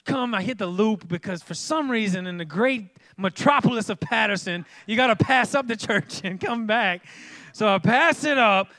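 A young male pastor, preaching in a comic, animated way and acting out voices. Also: high-pitched, moderate pace, hardly any pauses, no room sound. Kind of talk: sermon.

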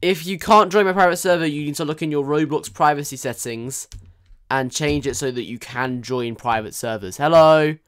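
A man's voice: fairly high pitch, moderate pace, fairly bright tone, clean tone, no echo. A young man chatting jokily to his viewers while commentating a live game stream. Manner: chatty, jokey, talks to viewers.

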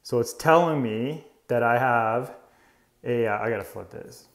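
A man's voice: medium pitch, unhurried. A man, an electrician giving a casual, chatty tool demonstration indoors in an old house and explaining each step.

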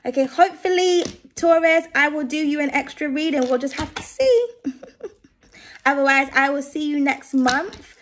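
A woman's voice: high voice, a little slow, fairly bright tone, slight background noise. A woman giving a casual tarot reading to her viewers, chatty and reassuring, often checking in with "okay?". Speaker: tarot reader.

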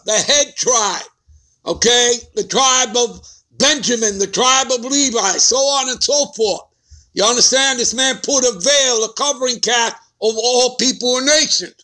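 High, bright-voiced emphatic man preaching. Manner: emphatic, keeps asking "all right?" and "okay?". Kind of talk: scripture teaching sermon.

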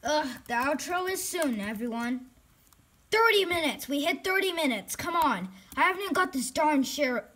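A woman with a high voice that swings widely up and down, giving live gameplay commentary. She reacts excitably and loudly, then drops to a hushed whisper when she sneaks around in the game. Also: normal speed. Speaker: gaming channel host.

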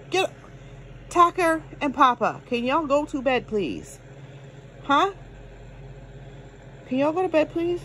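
At bedtime at home, a woman with a fairly high-pitched voice scolds her dogs in a playful, exasperated way for a home video vlog. There's a little hiss or hum in the audio.

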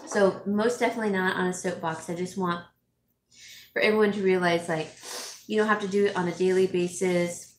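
A middle-aged woman vlogger and home stager talks fairly quickly in a low-leaning voice with fairly even intonation. She reads viewer comments in a casual, emotional chat, teary and sniffling, often laughing and using fillers. The room is echoey, with slight background noise.

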